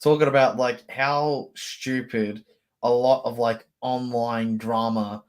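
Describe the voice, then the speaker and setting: A man appearing as a guest on a casual live stream, talking in a relaxed way with dry humor. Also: medium pitch, slow pace.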